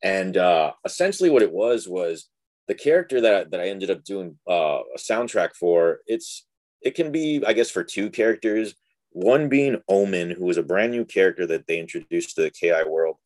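A man's voice: low voice, moderate pace, dry recording. A young man from Texas, a guest telling a story in casual chat with lots of fillers, acting out the people he quotes. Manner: animated, filler-heavy, acts out quoted dialogue.

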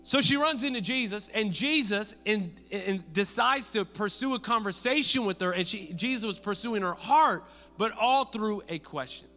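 A pastor in full sermon flow, his voice high and bright with a forceful edge. He preaches in a lively, conversational way and briefly acts out the people he quotes. His voice rings through a big reverberant church hall over soft background music. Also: normal speed.

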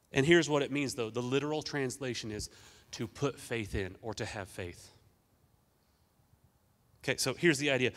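A man preaching an energetic sermon as pastor, emphatic and urging the congregation to respond. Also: mid-range voice, normal speed, in a large hall.

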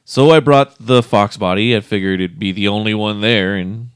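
Laid-back man for casual car talk, deep-ish clean voice, dry close recording. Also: normal speed, clean tone, dry recording. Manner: laid-back, laughs often, swears casually. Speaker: co-host. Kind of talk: casual chat.

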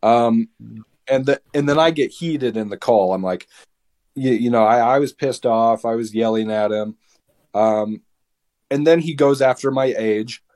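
A young man in his late teens, a podcast guest, tells a story casually in a heated, animated way, restarting his words often. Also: mid-range voice, measured pace.

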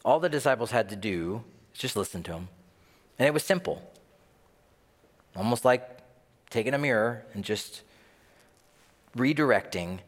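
Animated preacher in a reverberant hall. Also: male voice, medium pitch, normal speed, long pauses. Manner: conversational, animated, acts out dialogue. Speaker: pastor. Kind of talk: sermon. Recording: long reverb of a large hall.

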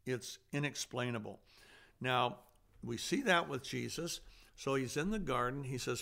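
A man preaching with a gravelly, fry-tinged voice. He talks earnestly, pressing points hard and then dropping to a near hush. His pitch sits in an ordinary middle range. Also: a little slow. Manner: earnest, swings between loud emphasis and hushed softness. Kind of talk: sermon.

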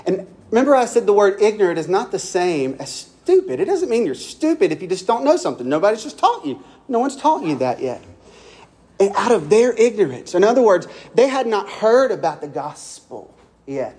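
A man's voice: sits high, very animated, a little fast, darkish tone. A man preaching a sermon in a conversational, storytelling way, often restarting his phrases. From Kentucky. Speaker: pastor.

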